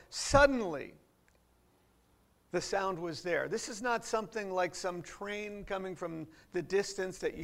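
A man with a rather high-pitched voice delivers a teaching sermon in church. His tone has a gravelly, fry-edged texture as he unpacks scripture piece by piece and poses rhetorical questions to his seated listeners. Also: fairly bright tone. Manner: explains verse by verse, asks rhetorical questions. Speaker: pastor. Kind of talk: expository sermon. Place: church before a seated congregation.

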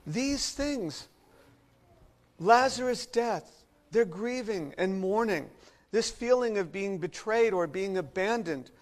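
A man with a high voice delivers a sermon. He preaches expressively and lets his volume rise to emphatic peaks, then drop to near-hushed passages. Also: slow. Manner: expressive preaching with wide swings in loudness. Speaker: pastor.

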